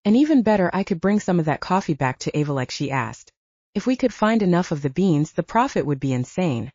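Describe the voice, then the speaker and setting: Woman, audiobook narrator, lively storytelling, warm lowish voice, dry dull close-mic sound. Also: fairly quick, no room sound. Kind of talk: scripted first-person audiobook narration. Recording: slightly dull, dry recording.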